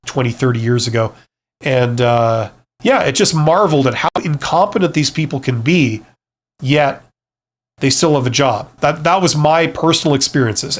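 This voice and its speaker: A middle-aged man hosting a live Q&A, chatting casually with many fillers and restarts, blunt and reassuring. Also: a little high. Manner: blunt, joking asides. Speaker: livestream host, former CEO.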